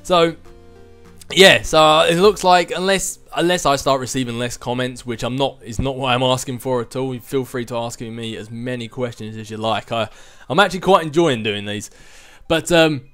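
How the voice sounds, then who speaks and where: A relaxed man in an everyday mid-range voice talks through viewer questions, easygoing and prone to little chuckles. Faint music plays underneath. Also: medium pitch, moderate pace, smooth. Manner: chatty and easygoing, chuckling between thoughts. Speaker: gaming channel host. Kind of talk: casual viewer Q&A chat.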